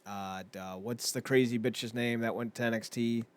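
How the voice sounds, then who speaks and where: Rambling, excitable young man, dry sound. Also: mid-range voice, moderate pace, clear, resonant tone, dry recording. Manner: rambling and excitable, laughs often, many fillers. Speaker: podcast co-host. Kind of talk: casual wrestling chat.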